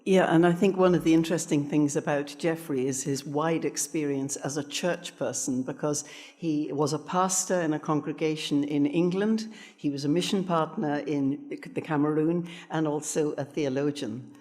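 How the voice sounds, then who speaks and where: A man's voice: on the high side, fairly even intonation, normal speed, a little mellow. Reflective man in a reverberant hall. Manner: thoughtful, with hesitant restarts. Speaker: panelist. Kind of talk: reflective panel talk.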